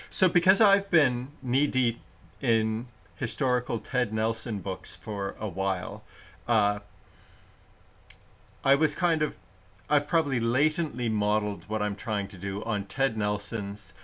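A man's voice: medium pitch, fairly bright tone. A man hosting a casual live-stream chat, rambling and interrupting himself, reading audience comments aloud. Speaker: show host.

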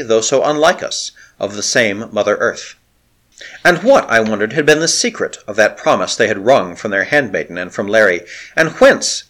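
A man narrating a novel aloud in a dramatic, expressive storytelling manner. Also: medium pitch. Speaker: audiobook narrator.

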